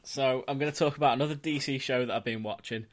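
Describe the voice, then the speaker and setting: A man's voice: mid-range voice, quick pace. A man co-hosting a podcast in casual chat, laid-back, laughing often and swearing casually. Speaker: podcast co-host.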